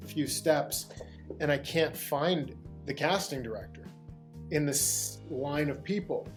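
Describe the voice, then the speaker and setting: Animated male actor from Pittsburgh telling stories. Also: a little high, slow, faint music behind. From Pittsburgh, USA. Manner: animated, rambling with restarts and laughter. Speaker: guest actor. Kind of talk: anecdotal interview storytelling.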